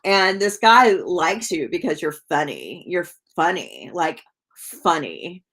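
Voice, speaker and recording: A woman's voice: fairly low pitch, very animated, slow, fairly bright tone, breathy edge. Chatty woman giving a tarot reading. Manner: chatty, rambling, lots of fillers and laughs; greets viewers by name while reading. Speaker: tarot reader. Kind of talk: live-stream tarot reading, casual chat.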